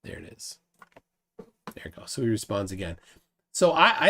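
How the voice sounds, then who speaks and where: A man's voice: fairly low pitch, very animated, creaky, sharp tone, slight background noise. A man hosting a casual livestream, reading viewer comments aloud, often stammering and repeating words. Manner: halting, stammering repeats, chuckles between thoughts. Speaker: livestream host.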